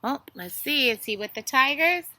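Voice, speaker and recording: A woman's voice: high voice, animated, moderate pace, sharp tone, dry recording. A young woman reading a story and doing animal flashcards for toddlers in a sing-song, exaggerated way. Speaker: children's video host.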